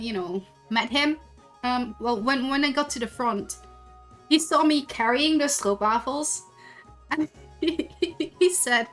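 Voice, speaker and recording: Dutch woman streamer, rambly storyteller, bright tone, faint music underneath. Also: on the high side. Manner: rambling, chatty, many restarts. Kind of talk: casual stream chat, storytelling. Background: faint background music.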